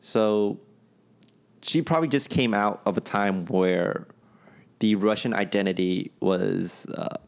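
Gravelly and low, this podcast co-host talks slowly. He chats casually, tossing out loose opinions with occasional swearing.

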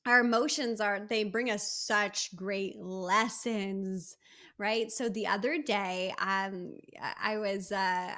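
A woman's voice: mid-range voice, fairly bright tone. A woman who is a guest on a podcast, chatting animatedly and playfully, often acting out quotes. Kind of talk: casual chat.

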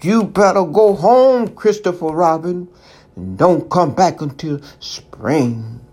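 A storybook reader voicing a gentle honey-loving male bear feeling grumpy, slightly higher than the narration. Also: expressive, takes it slowly.

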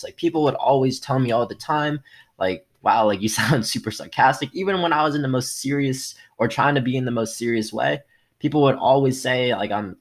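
A young man hosts his own motivational podcast, with a slightly husky voice of ordinary pitch. He talks with plenty of energy and keeps changing his tone and loudness as he speaks. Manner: energetic, varies tone and loudness often. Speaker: podcast host.

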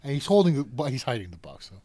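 Animated man telling a story. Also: mid-range voice, very fast. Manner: animated storyteller acting out voices. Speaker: cable car gripman, interview guest. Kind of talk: storytelling in a podcast interview.

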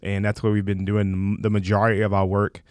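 Male podcast host, low pitch, dry close sound, easygoing. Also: completely flat delivery, a little fast, darkish tone, clear, resonant tone, dry recording. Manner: easygoing, introduces topics with frequent ums. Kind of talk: casual podcast conversation.

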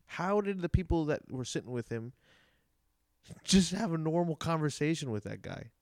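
A man's voice: on the high side, lively intonation, normal speed, creaky, no echo, clean studio sound. A man chatting casually on a podcast, telling eager stories and laughing along. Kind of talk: casual chat.

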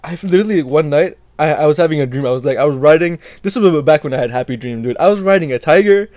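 A man co-hosting a podcast, chatting casually and telling stories excitedly, often laughing and restarting his sentences. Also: a little high, fast, dry recording. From Filipino family. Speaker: podcast co-host. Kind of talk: casual chat.

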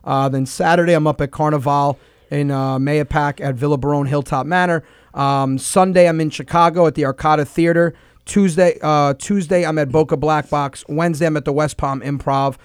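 Man with a dry, smooth studio voice. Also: on the high side, steady tone, moderate pace, dry recording. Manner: rambling, listing tour dates with fillers. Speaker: comedian hosting a radio show. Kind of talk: casual radio chat. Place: radio studio.

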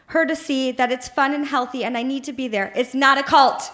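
High-voiced woman reading her teen diary. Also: steady tone, a little fast, fairly bright tone. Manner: dramatic, earnest reading with laughter in the voice. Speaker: reader on stage. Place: live show in a bar venue.

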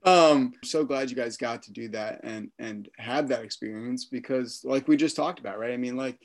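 A man from Florida hosting a casual interview, enthusiastic and quick to laugh. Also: medium pitch. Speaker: interviewer, host.

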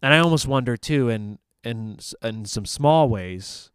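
A man's voice: medium pitch, animated, a little slow, smooth, no room sound, studio quality. A man who ministers at a church, talking through ideas about the church's purpose in a casual discussion, thinking aloud with fillers and restarts.

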